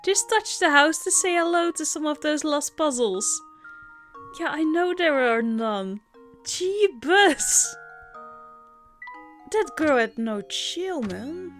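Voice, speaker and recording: A woman doing Let's Play commentary, excitable and given to loud exclamations. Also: high voice, slow pace, faint music behind. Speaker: game streamer.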